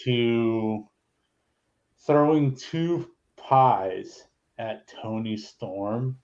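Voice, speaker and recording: A man's voice: mid-range voice, extremely slow, darkish tone, highs cut off. A man hosting a podcast in casual chat, annoyed and swearing freely. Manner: annoyed and profane. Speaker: podcast host.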